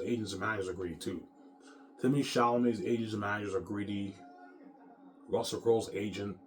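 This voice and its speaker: Man, very low voice, rambling vlog monologue, boastful, repeats himself, faint background hiss. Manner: repetitive, boastful, says "man" a lot.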